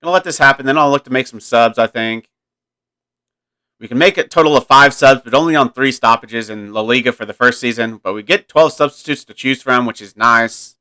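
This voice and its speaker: A man's voice: mid-range voice, brisk, pushed and bright, clear, resonant tone. A man giving casual, thinking-aloud commentary while playing a football management game, often correcting himself mid-sentence. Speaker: gaming YouTuber.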